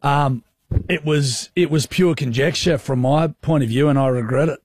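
A man's voice: fairly high pitch, moderate pace, darkish tone, breathy edge, no echo. A man co-hosting a radio show, teasing and laughing a lot in casual banter. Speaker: radio host.

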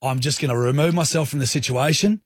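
A man with an Australian accent hosting a radio show, telling stories with lively, acted-out quotes. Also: medium pitch, fast, husky, no echo, studio quality. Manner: animated storyteller, acts out his own lines. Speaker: radio host. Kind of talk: radio breakfast-show banter. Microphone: studio microphone.

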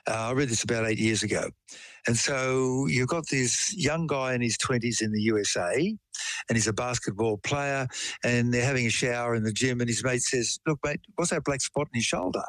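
A man chats casually, breaking down medical terms with homely examples and spinning a case story. His voice sits in a middle pitch, recorded close and dry with no room sound. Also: normal speed, fairly bright tone, no room sound, low-quality recording. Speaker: science explainer. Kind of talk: casual chat.

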